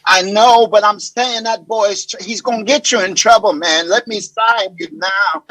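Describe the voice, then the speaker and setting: A man doing an impression of a soft-spoken record mogul, pleading in a drawn-out, wavering voice. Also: high voice, low-quality recording. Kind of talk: celebrity impression.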